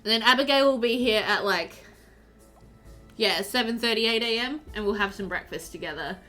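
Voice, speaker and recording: A woman's voice: a little high, normal speed, sharp tone, faint music behind. A woman streaming a life-sim game live, chatting loosely, laughing often and reading out her chat as she plays.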